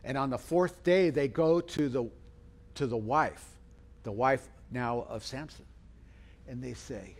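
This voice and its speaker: A middle-aged man preaching a sermon as pastor, telling a story and acting out the quoted voices. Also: a little slow. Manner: storytelling, acts out quoted voices with big pitch swings.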